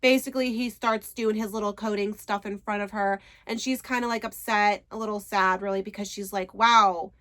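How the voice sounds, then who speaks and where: A woman's voice: medium pitch, fairly even intonation, a little fast, hardly any pauses, a bit bright. A woman casually recapping a book, chatty, retelling scenes and quoting characters' lines. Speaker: book reviewer.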